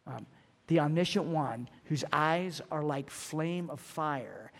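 A middle-aged man preaching a sermon, earnest and emphatic, slowing down to stress key phrases. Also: a little high, gravelly. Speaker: pastor.

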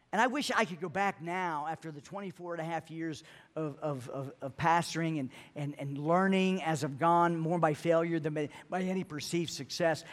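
A middle-aged man preaching a sermon as pastor, earnest, often repeating words as he builds to a point. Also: on the high side.

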